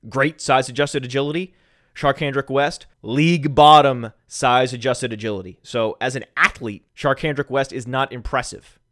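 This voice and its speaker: A man's voice: mid-range voice, normal speed, no room sound. Sarcastic man ranting into a dry mic. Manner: mock-calm, bursting into shouts. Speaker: fantasy football podcast host. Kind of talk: sarcastic solo podcast rant. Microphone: studio microphone.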